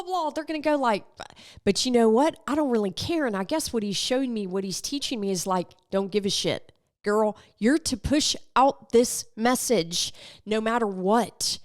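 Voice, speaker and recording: A woman hosting a faith podcast, talking casually and animatedly and acting out remembered conversations. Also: mid-range voice. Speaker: podcast host.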